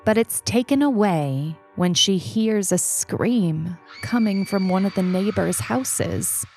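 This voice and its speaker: Woman narrator for a short fiction reading, slow delivery, lowish voice, soft music underneath. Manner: slow, even storytelling. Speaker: story narrator. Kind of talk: audiobook reading.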